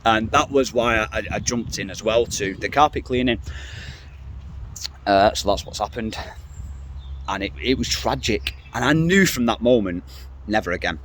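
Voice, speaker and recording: A man's voice: fairly low pitch, lively intonation, normal speed, long pauses, a bit bright, slight background noise. A middle-aged man ranting to camera in a casual vlog, blunt, swearing freely and rambling. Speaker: vlogger.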